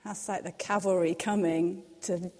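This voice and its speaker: A young woman gives a devotional talk in a mellow, soft-edged voice. She sounds earnest and reassuring and drops softer when she quotes scripture. Her voice carries a long hall reverb. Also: fairly low pitch, steady tone, moderate pace. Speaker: devotional speaker. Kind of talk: devotional teaching.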